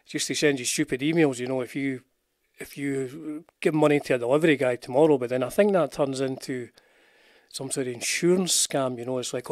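A man's voice: mid-range voice, fairly quick, dry recording, studio quality. An older man with a Scottish accent, rambling about guitars in casual live-stream chat with his viewers. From Scotland. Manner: rambling, chatty, self-deprecating, greets viewers in the chat. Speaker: guitar channel host. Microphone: wearing headphones with a desk mic.

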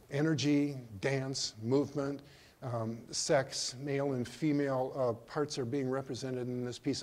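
An older man giving a slide lecture on his own work, speaking in a hesitant way with many pauses and restarts. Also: mid-range voice, darkish tone. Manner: hesitant, full of ums and restarts. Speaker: artist giving a museum talk.

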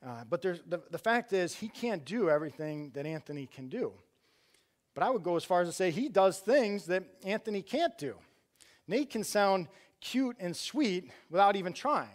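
In a church, a middle-aged outreach director delivers a conversational sermon, making his case through rhetorical questions and frequently restarting sentences. His voice sits high, swings widely in pitch, and moves at a moderate pace.

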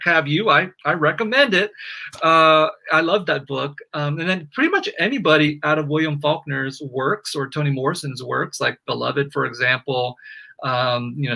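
Bright, high-voiced middle-aged man. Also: creaky, low-quality recording. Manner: chatty, self-deprecating humor. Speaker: author. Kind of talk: interview over video call. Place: at home.

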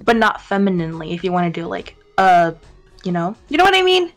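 A woman's voice: on the low side, very animated, a little fast, faint music behind. A woman in a casual gaming chat, talking hesitantly with many fillers.

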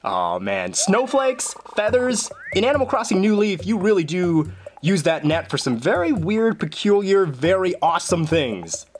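A man's voice: high voice, moderate pace, slight background noise. A young man giving casual, jokey commentary over a video game as host of his video journal. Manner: playful, jokey, animated exclamations.

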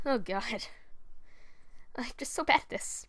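A chatty young woman talks casually from her bed as she records a voice audition, teasing herself between takes. Her voice sits high, and the bedroom sound is dry and close. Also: very animated, very slow, vocal fry, pauses often, dry recording. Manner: chatty, self-mocking. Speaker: amateur voice actor.

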